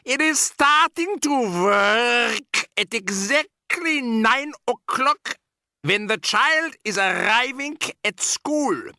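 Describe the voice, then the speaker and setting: A man puts on a cruel witch queen whose shrill voice leaps high and wild as she gloats and shouts her plans in broken grammar. The tone is gravelly and sharp, and the delivery is slow and relished. The reading is dry and close, as in a storybook recording. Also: sing-song, no room sound, full character voice. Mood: triumphant. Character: gloating, ruthless female witch leader. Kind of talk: audiobook character voice.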